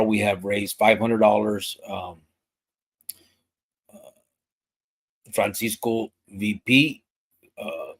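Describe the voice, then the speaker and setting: A man hosting a live podcast, reading viewer comments aloud and chatting in a relaxed, loose way full of fillers and restarts. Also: on the low side, breathy edge. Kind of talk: casual live-stream chat.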